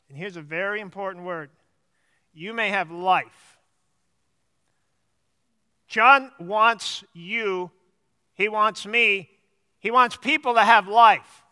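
A man preaching a sermon as pastor, teaching slowly and repeating key words for emphasis. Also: sits high, pushed and bright, smooth, big-room sound.

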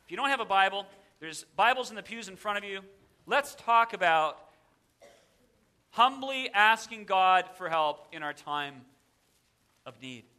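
A man's voice: high voice, animated, unhurried, long pauses, sharp tone. A male pastor preaching a sermon in a church, emphatic and repeating a verse with shifting emphasis. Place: church sanctuary.

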